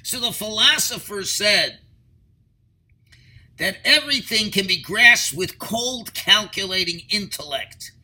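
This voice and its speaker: A man's voice: high voice, lively intonation, slow pace, pushed and bright, rough recording. A man teaching a Torah lecture as a rabbi, explaining earnestly through stories and rhetorical questions.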